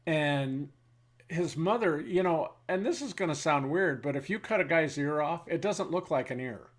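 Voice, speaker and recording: A man's voice: fairly high pitch, expressive. Older man telling war stories. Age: 70s. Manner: halting, pauses with fillers, then blunt and wry. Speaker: veteran interviewee. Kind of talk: reflective war storytelling.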